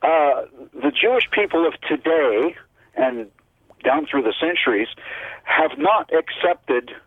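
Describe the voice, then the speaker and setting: A man's voice: on the high side, slow, husky, no echo. A man from Canada calling into a radio show, asking a question carefully with some hesitation. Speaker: caller. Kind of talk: phoned-in question. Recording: tinny phone line.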